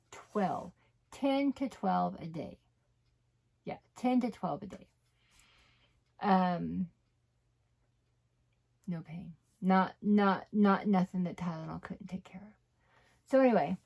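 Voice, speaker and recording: A woman's voice: fairly low pitch, creaky, a little mellow. A woman candidly telling her own story to camera, rambling and correcting herself, often dropping to a near whisper. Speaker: vlogger sharing her recovery story.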